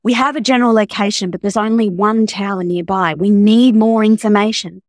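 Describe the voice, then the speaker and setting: A woman reading aloud as a male police sergeant reporting a location, brisk and businesslike. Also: medium pitch, no echo, studio quality, close to an everyday voice.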